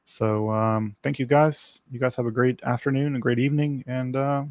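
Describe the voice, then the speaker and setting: A man's voice: medium pitch, steady tone, normal speed, darkish tone, no room sound. A man hosting a casual livestream Q&A, rambling with many fillers and restarts. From working-class background. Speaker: livestream host.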